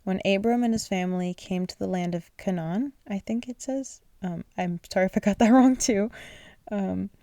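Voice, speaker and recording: A woman's voice: mid-range voice, moderate pace, no room sound, clean studio sound. A woman reading a children's bedtime story aloud, sleepy and apologetic, stumbling over names and restarting lines. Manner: gentle, unpolished reading with restarts. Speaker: channel host reading aloud.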